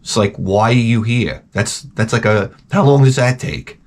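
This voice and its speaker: A man's voice: mid-range voice, normal speed. A man hosting a show, rambling through crude comedic chat and trailing off into mumbled asides. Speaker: show host.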